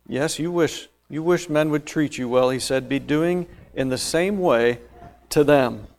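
A male preacher with a slightly higher voice, delivering a sermon that walks through scripture verse by verse. He presses key phrases with rising force, then drops back to quieter explanation. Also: a little slow. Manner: emphatic, rising to loud stressed phrases then dropping low.

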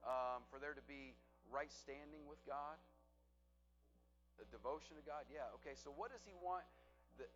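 A man's voice: fairly high pitch, moderate pace, pauses often, a bit bright, muffled recording, faint music behind. A man teaching a Bible study to a group, asking them questions and repeating back their answers.

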